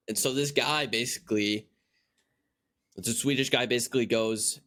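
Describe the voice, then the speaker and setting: A man from the United States chatting on a podcast at an everyday pitch. He rambles through his story with plenty of likes and restarts, in a relaxed and casual way. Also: moderate pace. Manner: rambling storyteller, lots of fillers. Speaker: podcast co-host.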